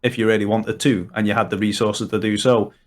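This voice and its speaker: His voice is fairly low, with little pitch movement, and runs a little fast. He's from Liverpool, England, speaking with a Liverpool accent as a guest on a casual podcast, and he's long-winded, packed with fillers and restarts.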